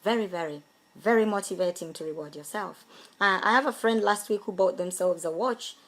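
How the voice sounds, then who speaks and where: A middle-aged woman coaching on a motivational live stream, emphatic and repeating key phrases, pausing to greet viewers. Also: mid-range voice, a bit bright, low-quality recording. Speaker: home business coach.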